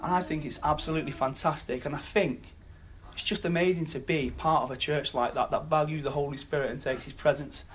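A man preaching a sermon, telling a scripture story earnestly and dropping to quiet emphasis. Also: on the high side, steady tone, a little fast, a little hiss or hum.

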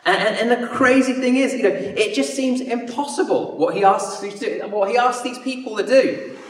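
A man with an extremely high voice preaches at normal speed, heard at a distance in a hall full of echo. He relates his sermon conversationally, frequently giving voice to the figures in his story.

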